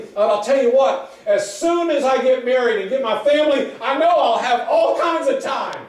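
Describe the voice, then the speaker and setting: A pastor preaching a sermon in a conversational, repetitive storytelling way. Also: male voice, very high-pitched, animated, moderate pace, few pauses. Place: church sanctuary. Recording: echoey hall from far off.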